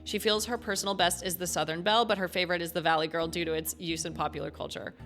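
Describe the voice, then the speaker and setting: Excitable woman gaming streamer. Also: fairly low pitch, fast, soft background music. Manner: excitable, swears freely, talks to chat and her cats. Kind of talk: casual live game playthrough, reading game text aloud.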